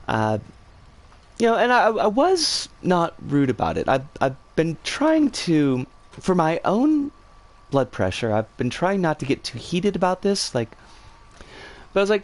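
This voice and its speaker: A woman streamer casually telling a story, animated and swearing freely. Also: on the low side, unhurried, long pauses.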